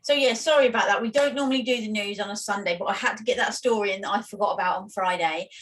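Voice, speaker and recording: A woman from the UK co-hosting a podcast, chatting casually and telling stories with lively quoting. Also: medium pitch, fast talker. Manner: chatty storyteller, animated quoting. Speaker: podcast co-host. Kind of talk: casual chat.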